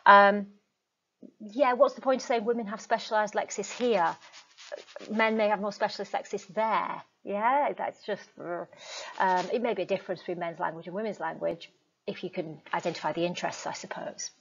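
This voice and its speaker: A woman's voice: medium pitch, fairly even intonation, normal speed, vocal fry, a bit bright, a little hiss or hum. A woman teacher giving a recorded lecture in a chatty way, with frequent ums and asides. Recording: dull lo-fi recording.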